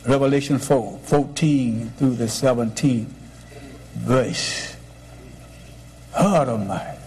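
A man's voice: mid-range voice, slow, darkish tone, a little hiss or hum. A man, a pastor preaching a sermon with emphatic, repetitive declarations.

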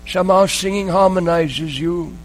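A man preaching a sermon, telling a story in an earnest, emotional way with dramatic pauses. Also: high voice, rough recording.

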